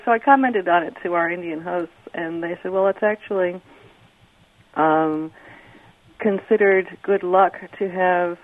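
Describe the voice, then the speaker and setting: A man calling in, speaking with a fairly high voice for a man. He rambles and hesitates, filling pauses with ums and uhs. The sound is thin and tinny, like a phone line. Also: dry recording. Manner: rambling, hesitant with many fillers. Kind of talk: casual phone-in account.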